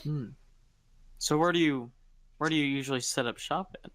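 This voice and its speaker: A man's voice: fairly high pitch, moderate pace, fairly bright tone, no echo. A man playing a tabletop game, speaking politely and hesitantly with stammers. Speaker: player. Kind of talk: tabletop role-play.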